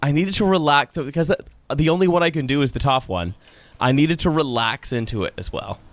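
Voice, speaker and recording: A man's voice: a little high, brisk, no echo. A man chatting as a podcast guest in a studio, self-deprecating and rambling. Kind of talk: casual podcast chat.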